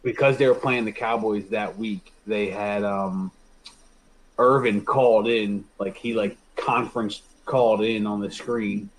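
A man's voice: on the low side, steady tone, a little slow, a little hiss or hum, rough recording. A young man telling a story to his friends, rambling with lots of fillers and laughing as he goes. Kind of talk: casual storytelling among friends.

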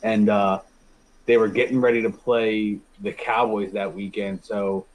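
A man's voice: fairly low pitch, flat delivery, unhurried, a little mellow, poor audio. A young man telling a story to his friends, rambling with lots of fillers and laughing as he goes. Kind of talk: casual storytelling among friends.

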